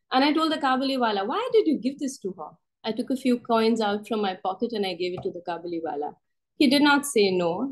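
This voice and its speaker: A woman telling a story in the first person as a storyteller in a workshop, raising her pitch for the voices she quotes. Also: low-quality recording.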